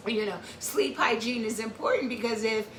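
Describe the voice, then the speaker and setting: A woman's voice: fairly high pitch, normal speed, a little hiss or hum. A woman hosting an informal educational talk, explaining step by step, repeating her points and checking in with "okay?". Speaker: host. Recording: echoey room, far from the mic.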